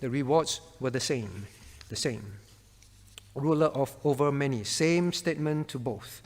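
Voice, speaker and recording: A man's voice: medium pitch, a little slow, a little mellow, long reverb tail. A man as pastor teaching a Bible class, quizzing his students by name and hammering home his point through repetition.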